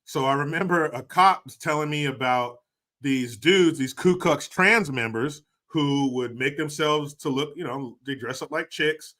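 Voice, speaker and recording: A man's voice: on the high side, unhurried, bright, forceful tone. A man hosting a livestream, joking crudely, laughing often and reading out viewer donations in casual commentary. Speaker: livestream host.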